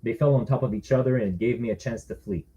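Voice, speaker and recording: Mellow-voiced man narrating a thriller. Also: medium pitch, steady tone, fast, dull audio. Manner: wry, conversational storytelling. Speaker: author. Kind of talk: first-person thriller narration.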